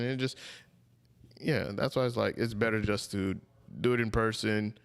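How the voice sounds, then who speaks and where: Smooth-voiced laid-back podcast man. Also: medium pitch, moderate pace. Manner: laid-back slangy talk. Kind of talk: casual podcast chat.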